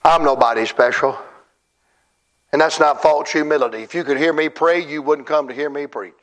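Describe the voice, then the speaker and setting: A middle-aged man preaching a revival sermon at a church conference, crying out and shouting in rising bursts, with folksy, self-deprecating humor. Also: fairly high pitch, moderate pace.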